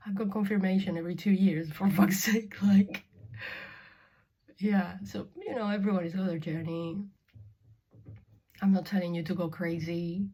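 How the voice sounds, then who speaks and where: A young Spanish woman, a spiritual vlogger, talks frankly to camera in a casual vlog, her voice low-ish and slightly rough. She swears freely, laughs often, and swings from loud bursts down to whispers in this candid, offhand monologue.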